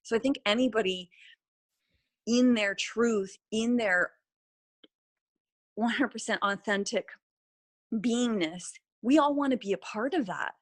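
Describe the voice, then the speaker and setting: A woman talking as a podcast guest, animated and reflective, often restarting and trailing off mid-sentence. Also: on the high side, measured pace, long pauses. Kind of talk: casual podcast conversation.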